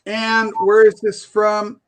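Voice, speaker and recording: A man's voice: high voice, monotone, takes it slowly, slight background noise. A man in his sixties chatting enthusiastically on a video call. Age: 60s. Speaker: guest. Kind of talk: casual video chat.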